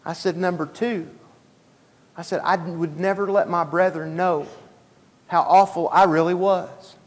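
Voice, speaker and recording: A man telling his story in a folksy, animated sermon, acting out the dialogue. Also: high-pitched, a little slow. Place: church hall. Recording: live church stream with long hall reverb.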